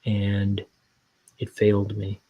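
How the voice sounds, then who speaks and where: A young man, a cartoonist, rambling in a meandering, self-deprecating way with deadpan jokes while he works. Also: on the low side, slow. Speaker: cartoonist inking his graphic novel. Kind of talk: casual rambling studio vlog.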